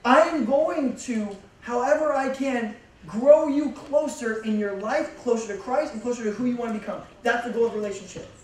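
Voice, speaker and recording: A man's voice: very high-pitched, normal speed, hardly any pauses. A young man, a youth pastor, giving a casual, joking and emphatic sermon to teenagers in a church hall. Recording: echoey hall from far off.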